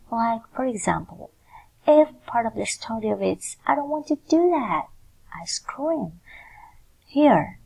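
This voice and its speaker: A woman's voice: mid-range voice, vocal fry, a little mellow, breathy edge, poor audio. A woman lecturer, explaining a lesson in a recorded screencast and often checking in with "yeah". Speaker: university lecturer.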